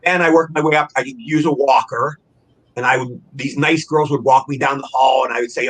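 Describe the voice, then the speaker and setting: Fast, bright-voiced older man telling a story. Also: medium pitch, poor audio. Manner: rambling, animated, self-interrupting. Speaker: actor, interview guest. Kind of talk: casual interview storytelling.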